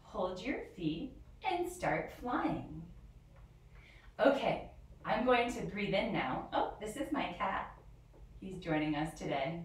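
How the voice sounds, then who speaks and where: A woman teaches yoga to small children in a slow, gentle voice, her pitch rising and falling in a sing-song way. She is recorded from a distance in a very echoey room. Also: animated, a little hiss or hum. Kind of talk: guided yoga lesson for young children.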